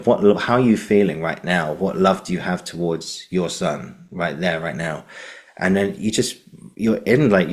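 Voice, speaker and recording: A British man hosting a podcast interview, talking in a rambling way with lots of restarts and "you know". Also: sits low. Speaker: podcast host. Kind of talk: casual interview chat.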